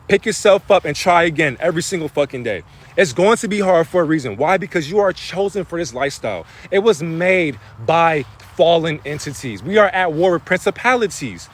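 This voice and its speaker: Man, slightly high voice, streaming spiritual talk off the cuff, swears freely, slangy, builds to preachy bursts. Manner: loose, profane, street-slang talk.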